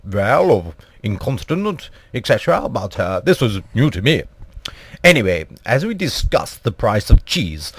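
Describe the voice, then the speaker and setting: A young man telling an absurd comic story in a mock-posh, deadpan, rambling way. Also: mid-range voice, no echo.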